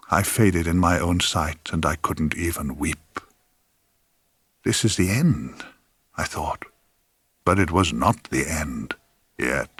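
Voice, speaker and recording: A man narrating his own memoir with wry, theatrical relish. His voice sits low but swings widely, sinking at times to a hush. The recording is close and dry, with no room echo. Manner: wry, theatrical, dropping to hushed whispers. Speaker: author reading his memoir.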